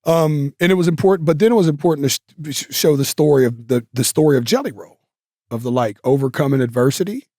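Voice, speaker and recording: A man's voice: a little high, fast, warm tone, dry recording. Man, interview guest, casual storytelling, rambling, lots of fillers, dry sound. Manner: rambling, filler-heavy, with self-corrections.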